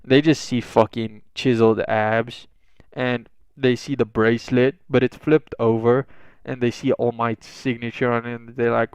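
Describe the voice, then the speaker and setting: A man's voice: mid-range voice, little pitch movement, normal speed, darkish tone, clean tone, dry recording. A young man casually improvising a fan fiction story, rambling with lots of swearing and fillers.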